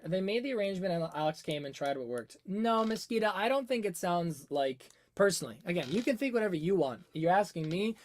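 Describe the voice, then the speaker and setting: A man talking through a song on a casual livestream, his pitch swinging freely up and down as he thinks aloud. He reads out the chat, answers it, and now and then hums a melody over a webcam setup. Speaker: music analysis livestream host.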